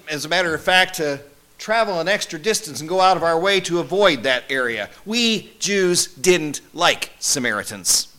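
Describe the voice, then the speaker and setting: A man playing a male disciple who recalls his travels in a first-person monologue, wry and conversational, with lively swings in emphasis. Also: on the high side. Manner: conversational, wry, animated storytelling.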